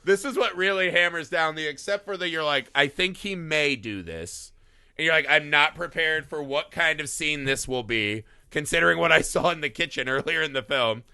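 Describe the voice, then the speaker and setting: Man podcast co-host, bright and sharp, animated and jokey. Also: fairly high pitch, a little fast, vocal fry, hardly any pauses, smooth, dry recording. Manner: animated, laughs a lot, acts out silly quotes. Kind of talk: casual film review chat.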